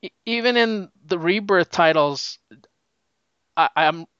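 A man recapping a comic issue in a casual, excited, rambling way, with lots of fillers. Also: high-pitched, slow, clear, resonant tone, dry recording, highs cut off. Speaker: comic book reviewer.

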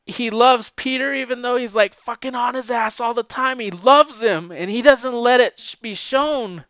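Excitable swearing man recapping comics. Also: very high-pitched, normal speed, dry recording, muffled recording. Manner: excitable, heavy swearing, emotional. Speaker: comic book reviewer. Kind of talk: casual retelling of a comic book plot.

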